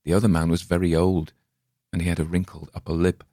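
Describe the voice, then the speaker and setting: A man narrating a dark short story in a measured, ominous reading. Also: deep voice, flat delivery, dry recording, studio quality.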